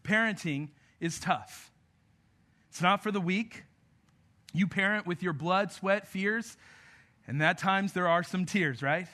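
A man preaching a sermon to parents, earnest, moving between emphatic lines and soft, intimate passages. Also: sits high, slow pace, pauses often. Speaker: pastor.

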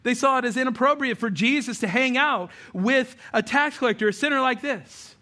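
Bright high-voiced animated male preacher. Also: moderate pace. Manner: animated storytelling, voices for figures. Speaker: pastor. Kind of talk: sermon.

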